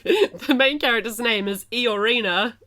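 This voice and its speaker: A woman hosting a casual podcast chat, talking quickly and animatedly, often laughing. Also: on the high side, pushed and bright. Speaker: podcast host, game developer.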